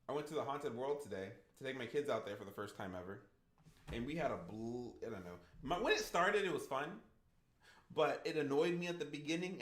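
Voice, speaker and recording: A man in his thirties tells a rambling family story to his livestream audience, with his voice sitting at an ordinary middle pitch. He talks loosely, often restarting and correcting himself. His voice carries a noticeable room echo. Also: a bit bright. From Idaho, USA. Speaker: gaming streamer. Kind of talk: casual livestream chat.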